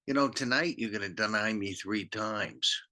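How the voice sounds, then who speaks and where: Calm kind teacher, played by a preacher in a children's story, soft and patient, bright tone. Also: male voice, fairly low pitch, normal speed. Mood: gentle.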